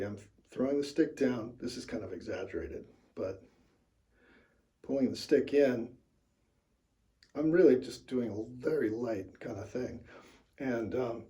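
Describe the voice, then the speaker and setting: A man teaching drumming grip technique in a relaxed, step-by-step way, with frequent fillers. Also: mid-range voice. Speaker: drum teacher. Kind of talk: casual instructional demonstration.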